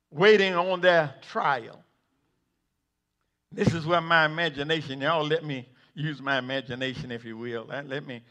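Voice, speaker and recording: A man preaching a sermon. He repeats words and builds up to shouting. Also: fairly high pitch. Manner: builds to shouting, acts out the figures in the story.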